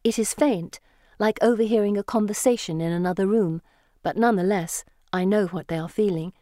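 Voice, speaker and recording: A woman narrates a first-person storybook in a measured, lyrical way, with a voice of middle pitch. The recording is dry and close, with no room echo. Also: warm tone. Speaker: audiobook narrator.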